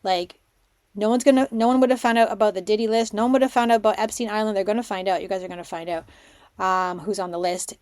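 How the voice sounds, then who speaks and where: A woman hosting a spiritual podcast, telling stories in an excitable, rambling way and dropping to a hush for her inner thoughts. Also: medium pitch, fast talker, dry recording. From Canada. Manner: excitable storytelling, drops to a hushed voice for her own thoughts. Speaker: podcast host, spiritual mentor. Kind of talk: casual monologue podcast.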